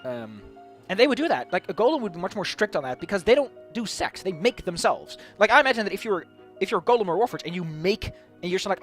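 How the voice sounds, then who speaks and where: A man's voice: high voice, very animated, quick pace, faint music behind. A man musing aloud in a casual, rambling monologue about tabletop game ideas, stumbling over repeated words as he goes. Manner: rambling, many repeated restarts. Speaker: tabletop game video host.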